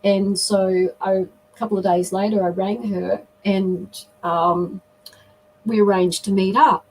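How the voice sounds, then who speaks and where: A woman's voice: medium pitch, fairly even intonation, slow pace, darkish tone, a little hiss or hum, rough recording. Earnest woman telling a personal story. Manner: earnest, reflective, often acts out quoted dialogue. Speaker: guest. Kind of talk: personal storytelling in a live interview.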